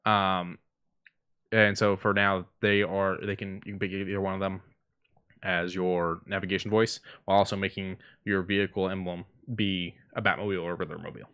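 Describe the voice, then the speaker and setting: A man's voice: low voice, little pitch movement, a little fast, fairly bright tone, clear, resonant tone. A man co-hosting a podcast, telling stories and running down news in casual chat with fillers. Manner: storytelling, news rundown with fillers. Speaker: podcast co-host.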